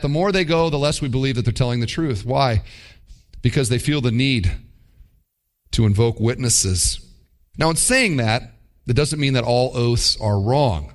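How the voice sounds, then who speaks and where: Lively-voiced male pastor preaching. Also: medium pitch, moderate pace, pauses often. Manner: animated, wry mimicking asides. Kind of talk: sermon.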